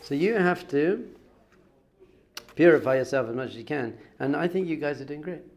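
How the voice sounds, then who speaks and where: Chatty male rabbi with a gravelly voice. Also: fairly high pitch, normal speed. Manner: animated storytelling, acts out quotes with exclamations; chatty, laughs often. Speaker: rabbi teaching a class. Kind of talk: lively Torah class to young students.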